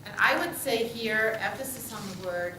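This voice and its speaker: A woman rabbi guides a small group discussion, calling on people by name and answering warmly with light jokes. She is picked up from across an echoey room, and the air is full of background hiss. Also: on the high side, moderate pace, recorded from a distance. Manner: warm, affirming, lightly joking. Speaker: rabbi leading a study group. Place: synagogue meeting room.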